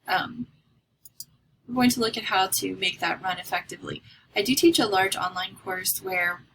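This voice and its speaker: Female college instructor, casual lecture delivery with fillers, some vocal fry, faint noise floor. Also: medium pitch. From North America. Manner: chatty, discursive, with many fillers. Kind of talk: recorded lecture.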